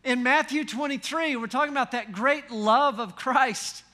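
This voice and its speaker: Animated high-voiced male preacher. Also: normal speed. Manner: folksy and animated, with rhetorical questions and wry humor. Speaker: pastor. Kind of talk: sermon.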